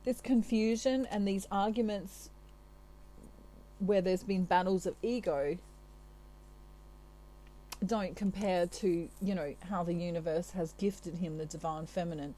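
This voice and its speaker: A woman's voice: fairly low pitch, unhurried, long pauses, warm tone, rough recording. A woman from Australia giving a channelled tarot reading in a chatty, reassuring way, with many asides. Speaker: tarot reader.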